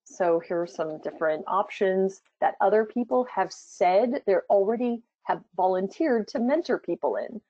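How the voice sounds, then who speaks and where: A woman's voice: animated, normal speed, hardly any pauses, warm tone, no room sound. A woman presenting a live product demo, talking it through casually with fillers as she goes. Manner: chatty, thinking aloud with fillers. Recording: dull low-fidelity sound.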